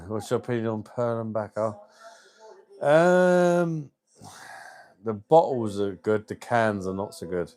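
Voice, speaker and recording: A man's voice: on the low side, normal speed, a little mellow. A man hosting a casual livestream, chatting with viewers in a matey, open and sometimes emotional way. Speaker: livestream host.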